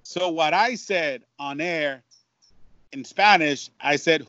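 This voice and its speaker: Man, broadcaster telling stories in an interview, animated with restarts; dull lo-fi sound. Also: fairly high pitch, slow, no room sound. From Mexico. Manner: animated storyteller, many restarts and repeats. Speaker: Spanish-language baseball broadcaster. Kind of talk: casual storytelling interview.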